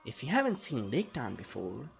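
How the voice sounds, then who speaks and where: A man's voice: mid-range voice, wildly swooping pitch, normal speed, creaky. A young man chatting and joking as he narrates his gameplay, thinking aloud. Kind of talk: casual gameplay commentary. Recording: slightly dull audio, faint game music.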